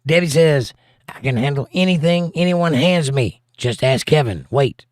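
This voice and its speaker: A man's voice: a little high, animated, normal speed, no echo, clean studio sound. A man hosting a casual live stream, reading viewer comments aloud and joking back at them. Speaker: livestream host.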